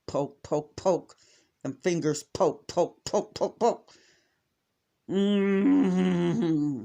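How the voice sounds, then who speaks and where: A middle-aged man with an American accent recounts a family mishap in a casual, exasperated way. He talks in a slightly high register and keeps slipping into little acted-out bits of dialogue. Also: very slow, gravelly, long pauses. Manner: exasperated, animated retelling with acted-out quotes. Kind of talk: casual storytelling to camera.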